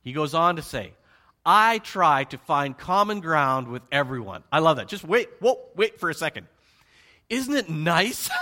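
A man preaching a sermon with animated emphasis, rhetorical questions and joking asides. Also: on the high side, unhurried. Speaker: pastor.

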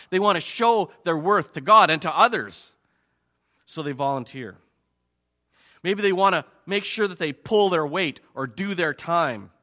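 Male pastor, sermon, lively swooping delivery, bright ringing tone. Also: fairly high pitch. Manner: animated, acts out listeners' reactions.

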